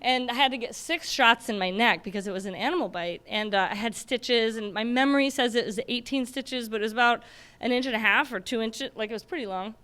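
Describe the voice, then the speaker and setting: Woman, storyteller, live stage, animated, laughs often, smooth voice, fairly high pitch. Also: a little fast. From Michigan, USA. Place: stage before a live audience.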